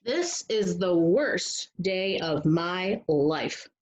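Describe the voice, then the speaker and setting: A woman doing an excitable young boy. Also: fairly low pitch, drawn-out words, pitched below the performer's own voice. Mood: frustrated. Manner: eager, exclaiming. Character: cheerful young boy, excitable then flustered. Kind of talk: storybook read-aloud.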